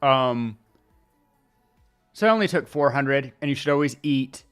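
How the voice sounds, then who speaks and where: A male streamer chatting casually, rambling along with pauses and restarts as he talks into his desk mic. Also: mid-range voice, expressive, fairly bright tone, smooth, soft background music. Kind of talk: casual livestream chat. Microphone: desk mic at streaming setup.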